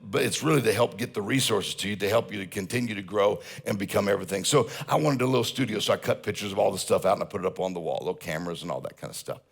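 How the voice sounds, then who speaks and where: A man's voice: fairly low pitch, creaky, slightly rough. A man giving a humorous motivational seminar talk, telling stories and joking with a church audience. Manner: storytelling, jokes with audience. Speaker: motivational speaker.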